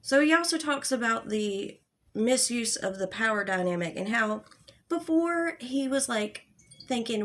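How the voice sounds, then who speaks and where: A young woman with a fairly high voice rants in an exasperated, sarcastic commentary. She swears freely and sounds fed up. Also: lively intonation, normal speed, fairly bright tone. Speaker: commentary YouTuber. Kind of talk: angry commentary rant.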